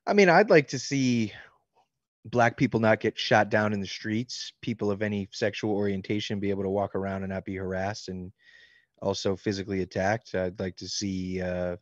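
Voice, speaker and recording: Man, candid and joking, swears freely, fairly low voice, dull dry recording. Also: fairly even intonation, normal speed, dry recording. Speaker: author answering fan questions. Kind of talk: casual interview chat. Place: book signing, signing books while talking.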